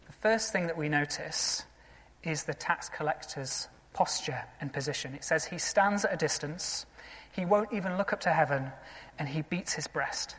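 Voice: mid-range voice, normal speed, a bit bright, long reverb tail. A pastor preaching a sermon in an earnest, conversational way, often asking the congregation rhetorical questions.

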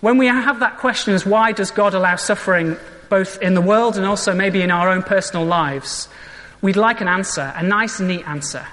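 Vicar, bright voice in a reverberant church. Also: medium pitch, moderate pace. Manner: earnest, reflective preaching with rhetorical questions. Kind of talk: sermon. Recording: long echoing church reverb.

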